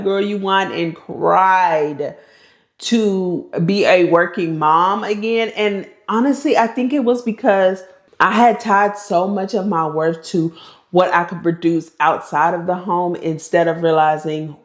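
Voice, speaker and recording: A woman's voice: mid-range voice, reverberant. A woman in her thirties chatting in a casual get-to-know-me vlog, talking freely and laughing often. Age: 30s. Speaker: lifestyle vlogger.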